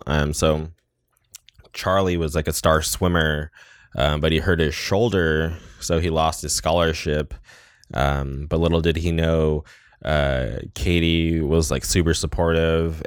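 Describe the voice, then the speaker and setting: A man's voice: a bass voice, clean tone, dry recording, clean studio sound. A man hosting a podcast, casually recapping a movie and rambling with lots of "like" and "um". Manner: rambling, heavy use of "like" and "um". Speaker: podcast host.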